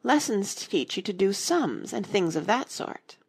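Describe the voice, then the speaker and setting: A woman's voice: mid-range voice, sing-song, measured pace, vocal fry, husky, voice pushed up, exaggerated voice. A woman voicing a polite but argumentative young girl in a storybook reading, talking eagerly. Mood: earnest.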